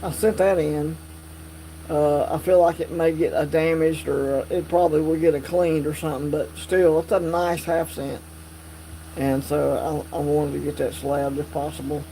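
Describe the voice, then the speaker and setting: A man hosting a casual live stream, chatting with viewers in a relaxed, drawling way. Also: a little high, normal speed, rough recording. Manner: drawling, relaxed, reads and answers chat. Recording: faint mains hum.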